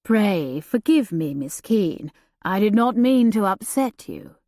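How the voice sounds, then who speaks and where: A woman voicing a grieving older earl who speaks softly, slowly and earnestly. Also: mid-range voice, sing-song, no echo, studio quality. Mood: gentle. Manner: soft, slow and solicitous.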